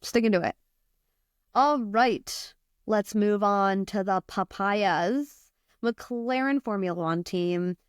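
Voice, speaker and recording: A woman's voice: medium pitch, takes it slowly, clean tone, dry recording, studio quality. An American woman hosting a casual podcast chat, teasing her co-hosts and laughing often. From United States. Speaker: podcast host.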